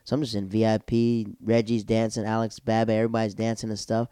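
A man's voice: lowish voice, quick pace, clean tone, no room sound, clean studio sound. Rambling man comic telling a story. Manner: rambling, animated, acts out quotes. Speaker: comedian vlogger. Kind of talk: casual storytelling and show review.

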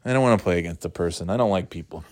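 Rambling, cussing dad, dry sound. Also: male voice, sits low, rapid-fire, dry recording. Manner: profane, rambling, jumps into loud mock quotes. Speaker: dad talking about video games. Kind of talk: casual rambling monologue.

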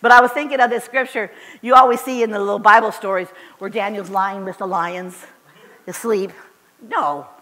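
A woman's voice: medium pitch, steady tone, normal speed, pushed and bright. Fervent woman preaching in an echoey hall. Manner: fervent and emphatic, with repeated short declarations. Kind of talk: sermon. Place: church sanctuary.

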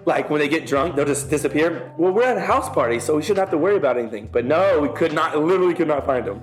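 A young man co-hosting a podcast in slangy, profane casual chat, telling animated stories. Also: a little high, fast talker, faint music behind. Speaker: podcast co-host.

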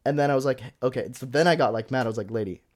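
A man's voice: mid-range voice, rapid-fire. A young man co-hosting a podcast, telling a story in casual chat, full of filler words, and acting out the people he quotes. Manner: animated storyteller, heavy "like" filler, acts out quotes. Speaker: podcast co-host.

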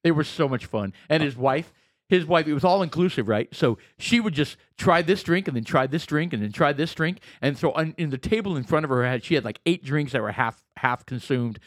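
A male podcast co-host in casual chat, with a lively voice that swings up and down. He tells stories with gusto, slipping into mimicked voices, and the sound is dry and close. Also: a little high, brisk, no echo. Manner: animated storyteller, mimics voices.

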